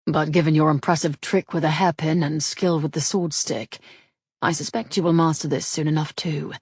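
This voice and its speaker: A woman reading the lines of a grave, teasing male rogue in a measured, dry manner. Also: deep voice, fairly even intonation, darkish tone, slightly rough, no echo.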